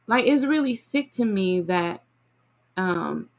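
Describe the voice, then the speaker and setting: A woman in casual, animated chat, often addressing listeners as y'all. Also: medium pitch, takes it slowly. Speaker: vlogger reviewing a book.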